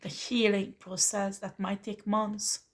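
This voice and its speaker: A woman at medium pitch reads tarot for the listener, unhurried and flat in delivery. Her spiritual monologue comes across as earnest and pleading, and she keeps calling the listener honey.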